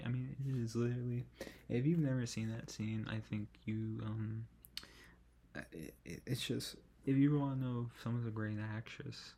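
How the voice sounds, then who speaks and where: Guy rambling about a movie he loves, low mellow voice, bit of fry, keeps correcting himself. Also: steady tone, moderate pace. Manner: enthusiastic, rambling, self-correcting. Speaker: podcast host. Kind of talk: casual film review chat.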